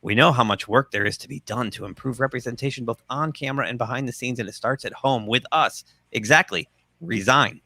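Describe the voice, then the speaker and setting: Gravelly low-voiced guy hosting a geek news stream, dry close sound, reads quotes w/ snark. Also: fairly quick, bright, forceful tone, no echo. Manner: reads quotes aloud with sarcastic asides. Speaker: host. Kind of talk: livestream news commentary.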